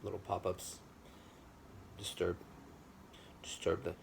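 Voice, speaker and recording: A man's voice: on the low side, expressive, moderate pace. A man giving a classroom lecture, speaking with emphasis, repeating himself and checking that the class agrees.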